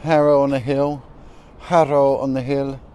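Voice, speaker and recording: A man's voice: mid-range voice, little pitch movement, unhurried, a little mellow, clean tone. A man chatting on a casual livestream from outdoors, greeting viewers by name as he films on his phone. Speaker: livestream host. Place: outdoors on a high spot above the city at sunset. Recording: outdoor phone audio with faint traffic noise.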